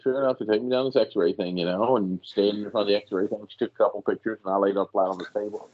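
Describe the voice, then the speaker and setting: A man's voice: fairly low pitch, fast talker. A man on a podcast telling a story in casual chat, acting out the people he quotes. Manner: animated, acts out quoted voices. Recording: slightly dull lo-fi sound.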